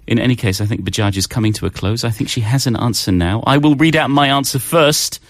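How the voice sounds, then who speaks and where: A man's voice: mid-range voice, fast, no room sound, studio quality. A man co-hosting a casual language show, talking in a chatty, teasing and playfully self-deprecating way. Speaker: co-host.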